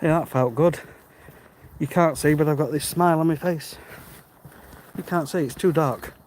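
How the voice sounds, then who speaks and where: A man's voice: a little high, normal speed, darkish tone, low-quality recording. A British man chatting casually to a live stream while walking outdoors, friendly and thinking aloud. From Britain. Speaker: livestream walker reading chat. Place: outdoors on a dark rural road. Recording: faint outdoor background noise. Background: birds and passing cars.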